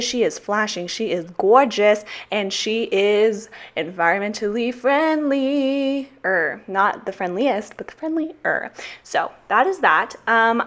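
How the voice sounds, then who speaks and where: A woman's voice: medium pitch, fairly bright tone. A young woman with a Texan accent talks through a casual voiceover. She is chatty and self-mocking, swears freely, and sounds a little out of breath. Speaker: planner vlogger.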